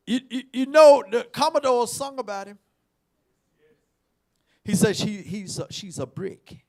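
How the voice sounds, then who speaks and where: A man preaching a sermon, emphatic, repeating words and swinging between shouts and quiet asides. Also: extremely high pitch, animated, measured pace, long pauses.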